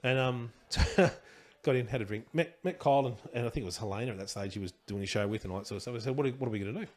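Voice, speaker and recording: Fast-talking Australian man spinning yarns. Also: medium pitch. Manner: rambling, chuckling, loose slangy delivery with restarts. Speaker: podcast guest. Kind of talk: casual anecdotal storytelling.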